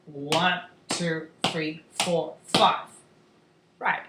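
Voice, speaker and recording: A woman teaching a beginners' English lesson to young children, slow and clear, with playful animal sounds. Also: fairly low pitch, fairly bright tone. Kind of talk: demo lesson for young learners. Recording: echoey room.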